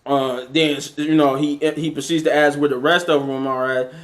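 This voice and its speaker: A man's voice: on the high side, steady tone, moderate pace. A man casually recapping a movie scene by scene, rambling with many fillers and restarts. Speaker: movie reviewer.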